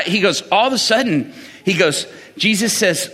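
A middle-aged male pastor preaches in a lively, conversational way, his high voice leaping up and down. His tone is bright and forceful. The sound carries a long echo from a large church hall. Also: moderate pace. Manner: animated, conversational storytelling with laughs. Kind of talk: sermon. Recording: reverberant hall.

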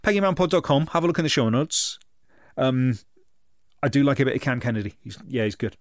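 A man co-hosting a podcast, retelling a comic story in a sweary, animated way. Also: mid-range voice, fast, no echo, studio quality. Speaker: podcast co-host. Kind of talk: casual comic chat reviewing a comic.

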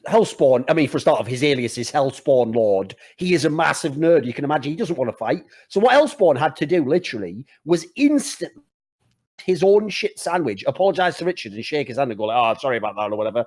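A man's voice: a little high, big pitch swings, fast talker, darkish tone. A man co-hosting a podcast, telling a story in laid-back casual chat. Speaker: podcast co-host.

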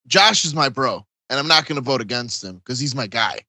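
A man's voice: mid-range voice, animated, fairly quick, pushed and bright, dry recording, studio quality. A man on a comedy podcast panel, earnestly building a dramatic case for his pick. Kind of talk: casual comedic banter.

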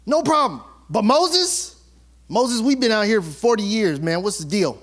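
A male pastor giving a sermon, retelling a story in an animated, colloquial, conversational way. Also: high-pitched, normal speed.

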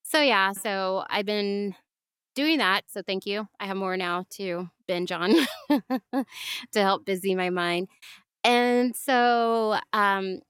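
A woman's voice: medium pitch, slow, fairly bright tone, smooth, no room sound, clean studio sound. A young woman in her twenties, casually telling a true crime story in an easygoing, hesitant way.

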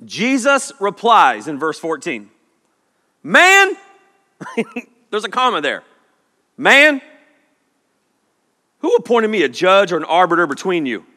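A man preaching to teenagers as a youth pastor, animated and joking, acting out little voices as he goes. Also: high-pitched, moderate pace. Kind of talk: energetic comic sermon. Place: church sanctuary. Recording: long hall reverb.

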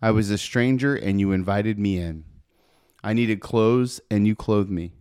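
Chatty low-voiced guy hosting his podcast solo, keeps tossing in "right?", dry close mic. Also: unhurried, darkish tone, clear, resonant tone, no echo. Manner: upbeat, chatty, with frequent "right?" asides. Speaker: podcast host. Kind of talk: faith podcast monologue, reading scripture aloud.

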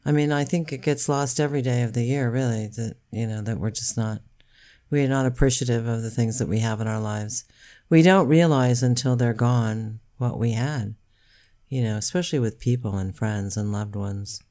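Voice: mid-range voice, moderate pace, warm tone. A podcast co-host chatting casually, teasing with a dry, sarcastic edge. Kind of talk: casual chat.

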